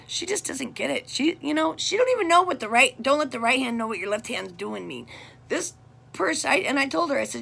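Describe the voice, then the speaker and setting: Fired up middle-aged woman ranting bout family stuff, real gravelly and raspy, kinda high voice. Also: lively intonation, fairly quick, a bit bright. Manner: blunt, heated and venting. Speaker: vlogger. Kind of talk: casual personal monologue.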